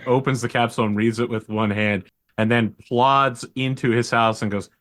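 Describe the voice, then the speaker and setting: Game master, man, mid-pitched, wry descriptive narration. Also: fairly even intonation, moderate pace, fairly bright tone. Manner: descriptive, joking.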